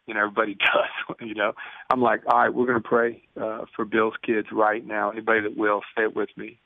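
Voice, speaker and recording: A man in his fifties speaks in a fairly low, steady, creaky voice at a fairly quick clip, with no echo. He is a guest in a conversational phone interview, a prison ministry speaker who tells stories earnestly and acts out the dialogue. The phone line sounds tinny.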